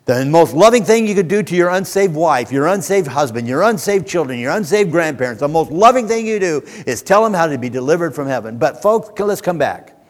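A man's voice: on the high side, big pitch swings, fairly quick, hardly any pauses, long reverb tail. A man preaching a sermon, moving from emphatic declarations to folksy asides to his congregation.

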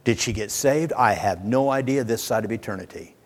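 A man's voice: lowish voice, brisk, big-room sound. A man preaching a sermon, moving from emphatic declarations to folksy asides to his congregation.

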